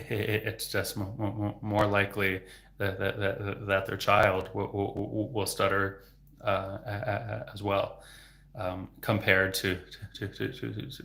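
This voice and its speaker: Low gravelly man who stutters heavily. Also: a bit bright. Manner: heavy stutter with repeated sounds and words. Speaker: livestream host and speech therapist. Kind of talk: casual livestream Q&A.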